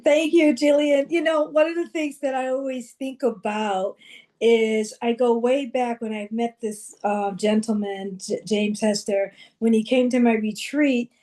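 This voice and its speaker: A woman's voice: on the high side, steady tone, unhurried, mellow. A woman doctor telling an anecdote in a live online talk. She calls herself mild and meek. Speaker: doctor leading a detox program.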